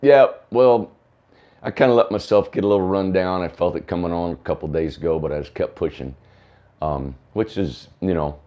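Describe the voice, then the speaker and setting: Hoarse deep-voiced man. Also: moderate pace, lo-fi sound. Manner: rambling, with many fillers. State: hoarse from a sore throat. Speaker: host of a tiny homes livestream. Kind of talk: casual livestream chat.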